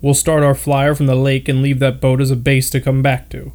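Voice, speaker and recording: A man's voice: medium pitch, completely flat delivery, brisk, a little mellow, natural voice. A man voicing a boastful, scoffing wealthy young explorer in a read-aloud story. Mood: cocky.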